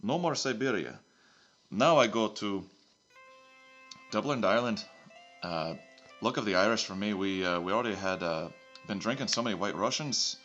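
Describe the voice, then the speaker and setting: A man's voice: lowish voice, fairly quick, fairly bright tone, lo-fi sound, soft background music, close to an everyday voice. A man voicing a bumbling male secret agent who keeps swapping between broad put-on accents, rambling through his mission report. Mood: hammy.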